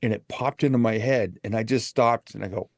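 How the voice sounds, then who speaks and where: A man's voice: medium pitch, fairly even intonation, brisk, dry recording. A middle-aged man, a motivational speaker, telling a candid personal story as an interview guest.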